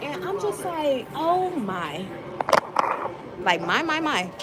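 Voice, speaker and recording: A woman's voice: high-pitched, big pitch swings, slow, heavy background noise. Hurt woman venting to her viewers. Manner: hurt, rambling, frequent fillers. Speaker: vlogger.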